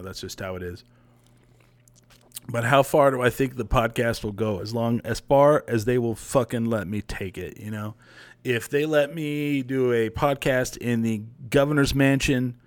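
A young man hosting a podcast livestream, telling a long story in a rambling, profane, casual way. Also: mid-range voice. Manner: rambling, profane, animated retelling. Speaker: podcast host.

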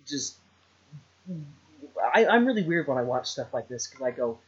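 A podcast co-host with a mid-range voice full of big pitch swings chats casually at normal speed while reviewing a film. His voice is a bit bright, but the lo-fi recording sounds slightly dull, and he rambles, jokes, and restarts along the way.

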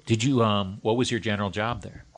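A man's voice: fairly low pitch, fairly even intonation, fairly quick. A man in casual conversation, telling rambling, wry stories and breaking into sudden sweary rants. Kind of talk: casual chat.

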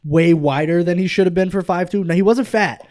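Young guy laughing his way through work stories, kinda high voice. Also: a little fast, a little mellow. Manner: laughing often while telling work stories. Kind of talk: casual storytelling chat.

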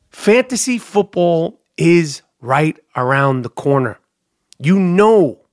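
A man hosting a solo comedic podcast, ranting in a profane, animated, mock-outraged way. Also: a little high, dry recording, clean studio sound. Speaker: podcast host.

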